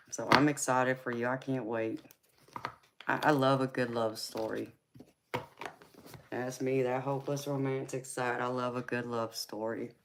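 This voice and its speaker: A woman with a Southern US twang, softly chatting with her livestream viewers and calling them honey and baby. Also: a bass voice, fairly even intonation, unhurried, pauses often, background noise. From California. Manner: soft-spoken, affectionate, calls viewers honey and baby. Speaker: livestream host and tarot reader. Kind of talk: casual live chat with viewers.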